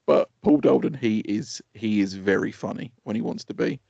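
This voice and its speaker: An Essex man rambles through a casual podcast story in a gravelly, husky voice. He swears freely and laughs at his own tales. The audio is dry and a little dull. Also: lowish voice, normal speed, dark tone, dry recording. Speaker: podcast co-host.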